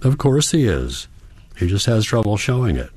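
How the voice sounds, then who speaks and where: A man's voice: on the low side, big pitch swings, normal speed, darkish tone, slightly rough, no echo, voice pushed up. A man voicing an anxious young granddaughter. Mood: worried, earnest. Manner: earnest, pleading. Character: worried young woman, caring granddaughter.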